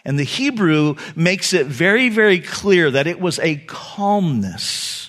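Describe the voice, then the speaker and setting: A man's voice: high voice, big pitch swings, measured pace, fairly bright tone. A male pastor giving a sermon in an earnest, conversational way, speaking directly to his listeners.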